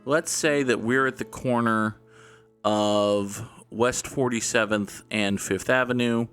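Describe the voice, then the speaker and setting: A man's voice: medium pitch, fairly even intonation, slow, fairly bright tone, smooth, soft background music. A man casually commenting while he plays a guessing game, rambling and joking to himself and swearing now and then. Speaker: gaming YouTuber.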